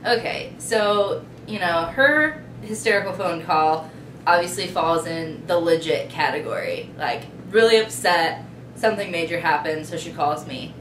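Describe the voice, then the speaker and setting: A woman's voice: fairly low pitch, measured pace, fairly bright tone. A young woman telling a story in a dry, matter-of-fact casual vlog style. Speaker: vlog co-host. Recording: echoey room with faint noise.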